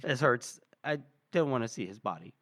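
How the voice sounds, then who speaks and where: A man's voice: medium pitch, animated, a bit bright. A man co-hosting a book podcast, casually retelling scenes and acting out the characters' lines between laughs. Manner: retells scenes with quick voiced quotes and laughter. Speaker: podcast co-host.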